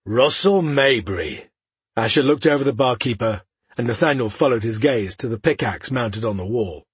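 A man narrating a fantasy audiobook in a steady, measured reading style. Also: mid-range voice, husky, no room sound.

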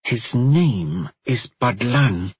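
A man's voice: mid-range voice, very animated, unhurried, breathy edge, no echo, pitched above the performer's own voice, full character voice. A man voicing a stubborn, proud young woman in an audiobook, curt and insistent.

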